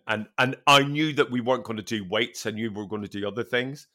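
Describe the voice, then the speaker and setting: A man's voice: mid-range voice, brisk, few pauses. A man co-hosting a podcast, telling a story in a casual chat, full of swearing and laughter. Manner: animated, swearing storyteller who laughs often. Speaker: podcast co-host.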